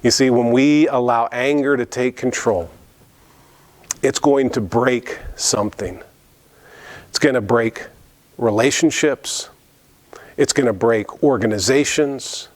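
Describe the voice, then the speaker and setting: A man pastor preaching an earnest sermon in church, often repeating words and restarting phrases. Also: mid-range voice.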